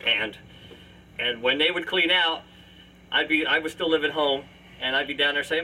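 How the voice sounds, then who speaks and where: A man's voice: mid-range voice, brisk, pushed and bright, recorded from a distance, low-quality recording. A man hosting his own show from a family home, telling anecdotes with frequent laughter and acted-out voices. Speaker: podcast host and musician. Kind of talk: casual family storytelling. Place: family home, live remote.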